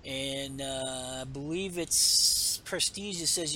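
Bright-voiced rambling podcast host. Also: male voice, medium pitch, takes it slowly, few pauses, slight background noise. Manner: rambling, many fillers, self-deprecating asides. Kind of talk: casual chat recapping a comic book.

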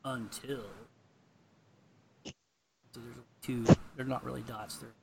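A man's voice: mid-range voice, steady tone, slow, gravelly, a little hiss or hum. A man casually reading a comic book aloud and chatting, rambling with lots of fillers. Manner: rambling, filler-heavy, informal.

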